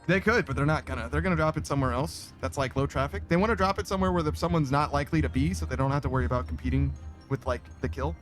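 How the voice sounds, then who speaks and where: A man live-streaming a game and reading his chat aloud, with a slightly raised pitch. He rambles loosely, swears freely and keeps breaking into laughter, with faint music behind him. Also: fast.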